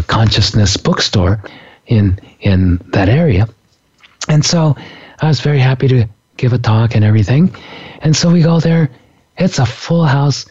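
A man telling a story in a relaxed spiritual talk, animated and laughing often. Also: mid-range voice, husky, dull audio. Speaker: author and speaker.

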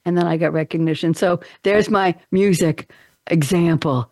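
A woman's voice: on the low side, steady tone, normal speed, darkish tone, no echo, studio quality. A woman radio talk show host telling stories in a casual chat, acting out quoted voices with animation.

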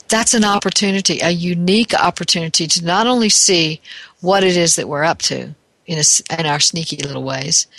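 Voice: mid-range voice, a bit bright, no echo. A spiritual teacher giving a reflective talk, thinking aloud, searching for words and correcting themselves as they go. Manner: thoughtful, searching, self-correcting.

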